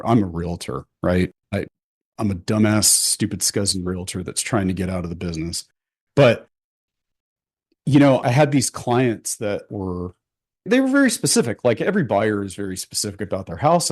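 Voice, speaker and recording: A man with a fairly low voice tells candid personal stories as a podcast guest. He talks bluntly and profanely, animated, with a habit of tossing in "right?". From Houston, Texas. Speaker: podcast guest, photographer and realtor. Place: podcast studio.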